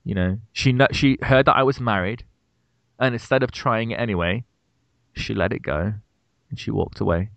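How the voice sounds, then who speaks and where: A British man in his thirties with a low, gravelly voice, chatting casually on a podcast. He tells stories with lively acted-out quotes. The sound is dry and close. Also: moderate pace, dry recording, muffled recording. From Britain. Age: 30s. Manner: animated storyteller, acts out quotes with big pitch jumps. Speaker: podcast co-host. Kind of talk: casual storytelling chat.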